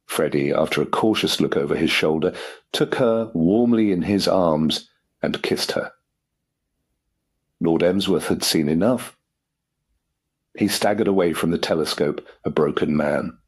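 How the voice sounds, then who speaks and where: A man narrating an audiobook in a measured, clear storytelling manner. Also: sits low.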